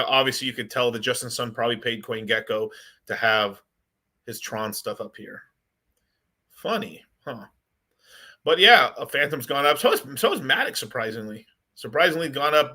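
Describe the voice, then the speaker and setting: Brief: bright-voiced male streamer, rambling and excitable, casual commentary. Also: mid-range voice, normal speed. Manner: rambling, excitable, chats with viewers. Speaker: crypto livestream host.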